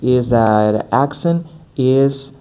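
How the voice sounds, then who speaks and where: A man's voice: mid-range voice, very slow, dark tone. Man explaining as a coach. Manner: explanatory, repeats phrases for emphasis. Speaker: accent coach. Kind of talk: podcast interview.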